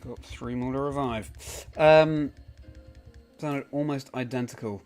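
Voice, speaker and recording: A man's voice: medium pitch, measured pace, a little mellow, soft background music. A man casually chatting on a live game stream, greeting viewers by name and answering their comments as he plays.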